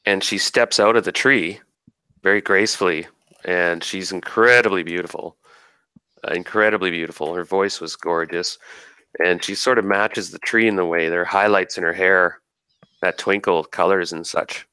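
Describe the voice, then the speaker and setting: A man narrating as game master in a tabletop game, describing scenes in an unhurried way with fillers. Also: sits low, fairly even intonation, pushed and bright, clear, resonant tone, no echo.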